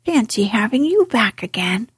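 A woman voicing a cheerful, excitable male mole in a storybook, in whispered role-play. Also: fairly high pitch, normal speed, husky, dry recording, clean studio sound, heavily acted. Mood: delighted. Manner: eager and gushing.

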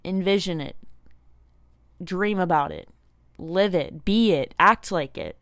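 A woman's voice: on the low side, slow pace, dry recording, studio quality. Earnest young woman hosting a podcast. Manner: earnest and encouraging, talks directly to listeners; casual with many likes and you knows. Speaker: podcast host. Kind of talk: casual self-help podcast monologue.

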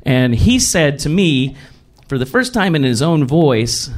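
Animated man telling a funny story. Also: a little slow. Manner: animated, self-mocking, swings between high and low pitch. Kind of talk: comedic personal storytelling.

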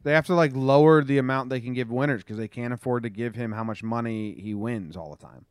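A man's voice: medium pitch, a little fast, smooth, dry recording. A young man co-hosting a casual chat, easygoing, asking questions and rambling a little. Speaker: podcast co-host.

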